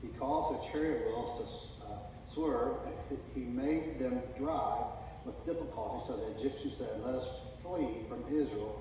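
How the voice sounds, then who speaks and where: A man's voice: mid-range voice, a little slow, slight background noise. Middle-aged guy preaching in a big echoey church, mic kinda far off. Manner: reads scripture, then preaches with rising excitement and humor. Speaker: pastor. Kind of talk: sermon. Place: church sanctuary.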